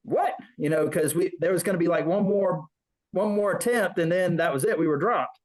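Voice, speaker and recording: A man's voice: sits high, fairly quick, low-quality recording. A man, a veteran, telling a rambling story in an interview, acting out the voices of people he quotes. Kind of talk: casual storytelling.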